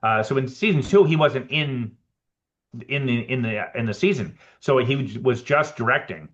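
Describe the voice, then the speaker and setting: A man, a production designer guest on a podcast, telling animated anecdotes and acting out both sides of his conversations. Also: medium pitch, moderate pace, muffled recording. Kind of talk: casual storytelling interview.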